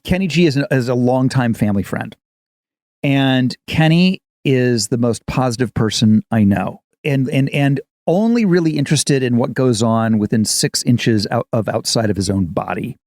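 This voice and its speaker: A man in his fifties, an actor co-hosting a podcast, chatting casually as an animated storyteller. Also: medium pitch, normal speed, no room sound, clean studio sound. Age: 50s. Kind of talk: casual chat.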